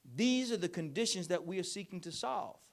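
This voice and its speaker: A man giving a keynote speech and answering audience questions, telling stories with emphatic, repeated phrasing. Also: high-pitched. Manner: animated storytelling, acts out parents and children in quick voices; emphatic, repetitive rhetorical phrasing. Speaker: keynote speaker.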